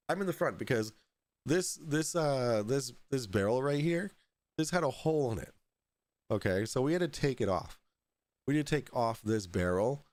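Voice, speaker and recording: A man's voice: mid-range voice, no room sound. A man hosting a podcast, telling a story in a casual, profane way, often laughing through it. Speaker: podcast host.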